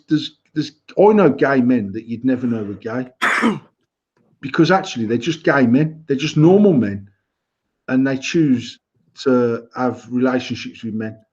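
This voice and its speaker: A man's voice: mid-range voice, a little mellow, husky, highs cut off. A British man co-hosting a casual banter podcast, talking bluntly and opinionatedly with lots of swearing and restarts. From United Kingdom. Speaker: podcast co-host.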